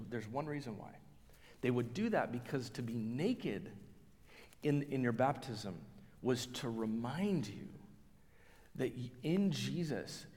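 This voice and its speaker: A man delivers a sermon, his pitch climbing and dropping with lots of expression. He tells stories and acts out other people's voices, often restarting his phrases. His voice carries a long reverb, as if from a big church hall. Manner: animated storyteller, acts out quoted voices, self-restarting. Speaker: pastor.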